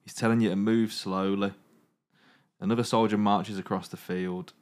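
A man's voice: on the low side, steady tone, moderate pace. A man hosting a comedy podcast, reading a choose-your-own-adventure story aloud with dramatic narration broken by jokes.

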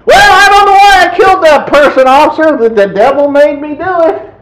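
A man voicing an excuse-making male criminal who blames the devil, loud and pleading. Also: very high-pitched, a little fast, voice pushed up, low-quality recording.

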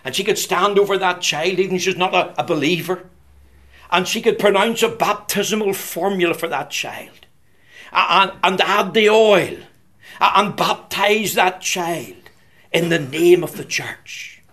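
Fervent preacher, man with a high voice. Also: unhurried. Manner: fervent, swings from loud declarations to hushed whispered quotes. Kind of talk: evangelistic sermon.

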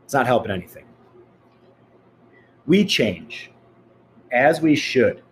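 A man's voice: mid-range voice, very animated, takes it slowly, a little hiss or hum. A man giving a blunt, profane motivational rant, speaking straight to his listeners.

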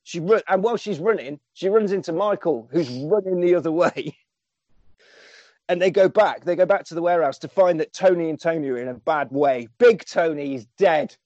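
A man's voice: a little high, moderate pace, dry recording, muffled recording. A man casually recounting a film's plot, acting out lines and swearing freely. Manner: animated storyteller, acting out quotes, swears freely. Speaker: podcast co-host recapping a film. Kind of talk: casual chat.

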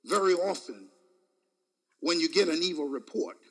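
High, lively preaching man. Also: moderate pace. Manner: dramatic, swings between shouts and hushed asides; chuckles often between phrases. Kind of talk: sermon.

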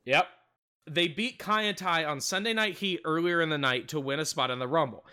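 A man's voice: fairly high pitch, brisk, pushed and bright, clear, resonant tone. A man hosting a casual podcast, recapping events with loose swearing and laughs. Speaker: podcast host recapping a wrestling show. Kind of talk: casual chat with recap narration.

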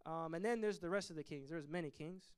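Man, Bible study teacher, high-pitched, smooth clear voice, animated delivery. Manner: animated, acts out biblical figures in quick asides.

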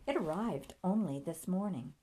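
A woman's voice: on the low side, expressive, moderate pace, warm tone, breathy edge. A woman voicing a shop saleswoman who is eager to please and easily worried. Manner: hopeful, worried.

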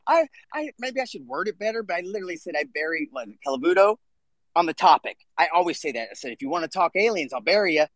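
A man's voice: high voice, big pitch swings, fast talker, fairly bright tone, no room sound. A man hosting a casual live audio chat, talking bluntly and swearing freely. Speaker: podcast host.

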